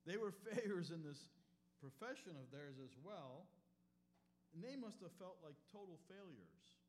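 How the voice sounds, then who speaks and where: A man preaching a sermon in short phrases, dramatic, swinging from loud calls to hushed lines. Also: high voice, animated, unhurried, a little hiss or hum. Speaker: pastor. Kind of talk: sermon with live interpretation.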